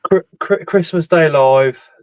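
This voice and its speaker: A man's voice: on the high side, slow pace, highs cut off. A middle-aged man, chatting casually on a live stream and telling stories full of swearing and laughter. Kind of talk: casual chat.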